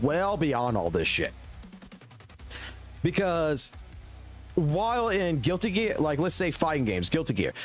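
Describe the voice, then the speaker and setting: Profane, heated man ranting on stream. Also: fairly high pitch. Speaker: game streamer. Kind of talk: casual gaming stream rant. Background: faint music.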